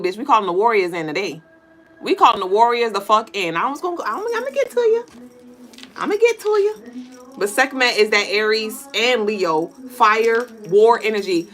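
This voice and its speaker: A woman hosting a live spiritual reading stream, talking in an animated, profane, laughing way and breaking into chants. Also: a little high. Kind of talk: casual live-stream tarot-style reading.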